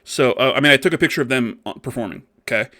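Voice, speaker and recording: A man telling a story on a podcast in a loose, rambling way. He swears freely, pads his talk with fillers and sits at an ordinary mid pitch. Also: fast, pushed and bright. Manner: rambling and profane, lots of fillers. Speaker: podcast co-host. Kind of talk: casual chat.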